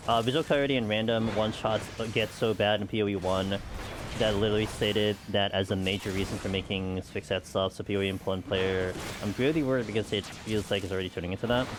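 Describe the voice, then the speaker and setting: This American game streamer talks fast in a voice on the low side, keeping a steady tone amid background noise. He chats casually and ramblingly with his viewers, leaning heavily on "like" and "you know."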